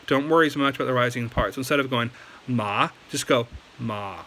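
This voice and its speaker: Young American male YouTuber, bright tone, loose rambling teaching delivery, light hiss on the track. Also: medium pitch, steady tone, racing, low-quality recording. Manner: rambling, lots of fillers and restarts. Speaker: language learning YouTuber. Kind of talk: casual video lesson.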